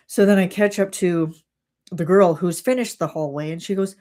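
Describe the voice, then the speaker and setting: A woman's voice: fairly low pitch, brisk, warm tone. A young woman on a livestream chat, animatedly retelling an exasperating workplace story and acting out what people said. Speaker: streamer.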